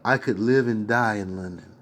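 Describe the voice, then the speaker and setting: A man's voice: lowish voice, moderate pace, slight background noise, close to an everyday voice. A man reading out the lines of a troubled, lovesick grown man in his own plain voice. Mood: wistful. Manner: read out plainly in the reader's own voice.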